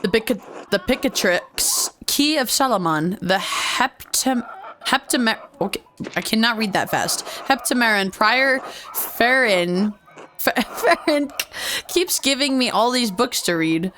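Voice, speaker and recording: A woman's voice: fairly high pitch, lively intonation, a little slow, fairly bright tone, a little hiss or hum. A woman streaming a video game, reading its dialogue aloud and putting on voices, playful and giggly, sometimes tripping over hard words. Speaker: let's play streamer.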